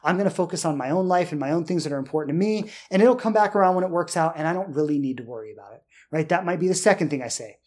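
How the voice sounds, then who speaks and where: A man speaks in a calm, unhurried voice that sits slightly high for a man. He hosts a solo podcast and thinks aloud, often tagging his sentences with a questioning "right?". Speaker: podcast host. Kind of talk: reflective solo podcast talk.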